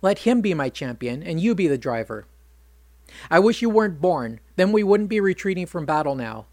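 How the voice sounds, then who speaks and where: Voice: medium pitch, sing-song, moderate pace, a little mellow, no echo. A narrator voicing a bitter, self-pitying king who whines and rants at his brother. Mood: ranting. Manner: whining, ranting.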